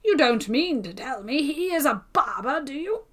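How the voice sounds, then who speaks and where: A pompous male tailor who gossips in a chatty, exclaiming way, as a woman reader puts him on. His voice is fairly high and bounces about with lively pitch. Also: normal speed. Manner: chatty, self-important, exclaiming.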